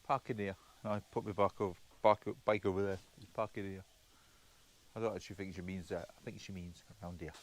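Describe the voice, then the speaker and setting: A man's voice: sits low, fairly even intonation, brisk. A man, a travel vlogger, chatting casually as he walks around a roadside café. He rambles, stumbles and repeats words. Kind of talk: casual walkaround narration. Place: roadside café, partly outdoors.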